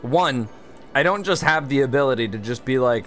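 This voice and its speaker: With faint music in the background, this gamer host answers his livestream chat in a dry, talkative way after reading it aloud; he's had one beer and is slightly tipsy. He speaks at a normal pace in a mid-range, somewhat bright voice with lively intonation.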